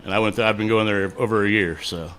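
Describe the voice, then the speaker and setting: A man's voice: fairly low pitch, steady tone, fast talker, fairly bright tone, slight background noise. A man in his forties, a musician guest, chatting casually with many fillers and frequent laughs. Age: 40s. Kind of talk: casual interview chat.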